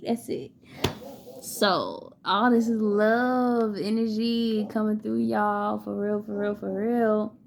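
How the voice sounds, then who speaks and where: A woman's voice: mid-range voice, fairly even intonation, slow, vocal fry. A woman giving a casual spiritual tarot and oracle card reading, who laughs often and breaks into song.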